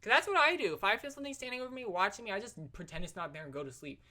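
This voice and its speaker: A woman's voice: medium pitch, lively intonation, racing, bright, forceful tone. A young adult woman telling stories for her vlog in a chatty, slangy way, full of "like" and "literally". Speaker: vlogger. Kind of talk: casual storytelling vlog.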